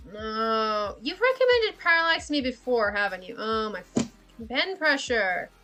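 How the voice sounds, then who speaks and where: A woman with a fairly high voice talks to her stream as she draws, wandering from thought to thought. She swears easily, laughs at herself and pokes fun at her own laziness. Faint music plays under her voice. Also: fairly bright tone. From Australia. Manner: rambling, self-deprecating, laughs often, swears casually. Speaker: livestreaming artist. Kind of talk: casual chat while drawing on stream.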